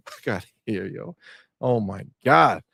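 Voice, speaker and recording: Male co-host for a gaming chat show, animated and slangy, dry close sound. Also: fairly low pitch, takes it slowly, creaky, husky, dry recording. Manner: animated, slangy, mocking, reads chat aloud. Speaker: podcast co-host.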